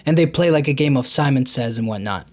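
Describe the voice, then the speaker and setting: A man's voice: mid-range voice, animated, fast, a little mellow. A man hosting a podcast, casually recapping a movie in a loose, rambling way with many restarts and fillers. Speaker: podcast host.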